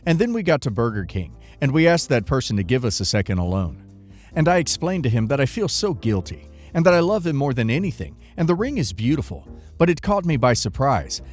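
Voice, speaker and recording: A man narrating, reading online forum posts and comments aloud in a steady read-aloud delivery. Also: medium pitch.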